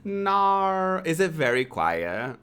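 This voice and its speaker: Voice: medium pitch, big pitch swings, slow pace, fairly bright tone, clear, resonant tone, faint music behind. Playful, laughing streamer in their twenties. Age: 20s. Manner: chatty and playful, laughing often, talking to chat. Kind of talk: casual live-stream chat.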